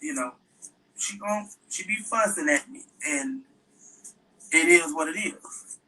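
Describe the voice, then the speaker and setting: A man's voice: fairly high pitch, slow, bright, forceful tone, recorded from a distance, full character voice, low-quality recording. A man playing a fussy middle-aged single mom who rambles on to her viewers while doing her daughter's hair in a comedy skit. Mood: chatty. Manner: rambling, chatty, talks to viewers.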